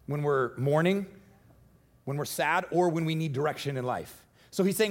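High-voiced, animated male pastor. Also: moderate pace. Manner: animated, joking, conversational preaching. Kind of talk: sermon. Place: church.

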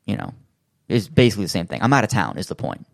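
A man's voice: low voice, big pitch swings, quick pace, creaky, no room sound, studio quality. A man in casual chat, telling a long story with lots of fillers and acting out other people's lines.

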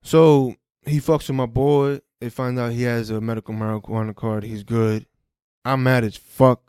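A man hosting a podcast, telling a personal story in a casual, profane, animated way and re-enacting conversations. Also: mid-range voice, moderate pace, smooth, dry recording, clean studio sound. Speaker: podcast host.

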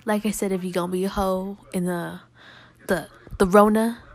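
A young adult woman co-hosting a casual podcast, telling candid, crude stories in a lively, joking way. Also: mid-range voice, normal speed. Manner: candid, crude, animated storyteller. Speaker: podcast co-host.

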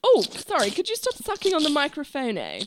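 A woman's voice: high voice, huge pitch swings, a little fast, noisy background. A woman hosting a comedy podcast, doing improv banter in a theatrical, mock-posh manner.

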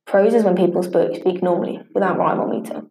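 A woman with a lowish, gravelly voice reads out a scripted study lesson, tripping over a word now and then and starting it again. Her tone is mellow and dark, and the echoey room gives it a roomy ring. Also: fairly even intonation, fast. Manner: reads steadily from a script, stumbling and restarting on harder words. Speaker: teacher.

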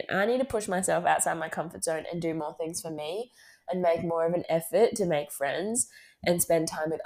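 A woman's voice: on the low side, a little mellow. Candid chatty Australian woman in her twenties. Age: 20s. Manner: candid and chatty, with frequent fillers and laughs. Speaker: podcast host. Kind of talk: casual personal talk.

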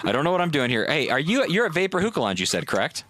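A man's voice: fairly high pitch, big pitch swings, racing, a bit bright. A man hosting a call-in podcast, tipsy and loose, swearing freely in casual chat. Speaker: podcast host. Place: at home.

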